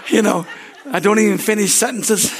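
A man's voice: high-pitched, steady tone, normal speed, vocal fry. A man with an American accent preaching a sermon as pastor, in a folksy, rambling way, often asking "Amen?" and laughing at himself. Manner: self-deprecating, laughs easily.

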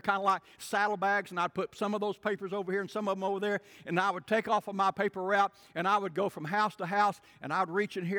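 A man preaching a sermon as pastor, telling stories and swinging between booming and hushed delivery. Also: big-room sound. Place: church sanctuary.

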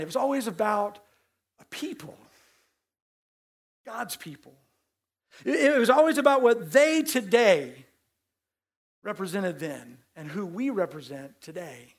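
A male pastor delivers a sermon in a conversational style. His voice sits high for a man, and he doubles back on words to press his points. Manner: conversational preaching with emphatic repeats.

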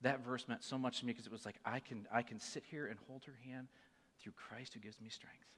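A man in his forties giving an earnest sermon testimony, moving between hushed and emphatic delivery. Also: medium pitch, steady tone, a little fast, breathy edge. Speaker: church speaker sharing a testimony. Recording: long reverb of a large hall.

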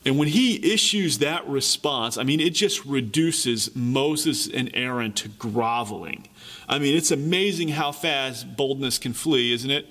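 A man preaching a sermon, reading scripture and then retelling the story in a lively, conversational way. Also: medium pitch, a little slow. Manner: animated storytelling, paraphrases characters in lively voices. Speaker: pastor.

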